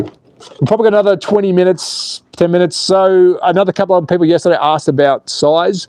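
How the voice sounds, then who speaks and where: A man hosting a live stream outdoors, commentating with excitable jokes and reading viewer chat aloud. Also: fairly high pitch, dry recording. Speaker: slot car channel host.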